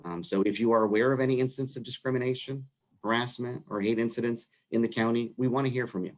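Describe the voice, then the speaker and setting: A man's voice: mid-range voice, fairly even intonation, quick pace. A man with a New York accent, speaking earnestly as a human rights commission director in a livestream discussion.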